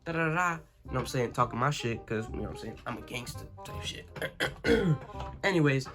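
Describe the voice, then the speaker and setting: A young man tells a story about school in a loose, rambling way, swearing freely and checking in with his listeners. His voice sits at an ordinary middle pitch for a man. A soft guitar track plays faintly behind him. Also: lively intonation, fairly quick. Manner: rambling, profane, full of "you know what I'm saying". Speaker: vlogger. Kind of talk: casual storytime.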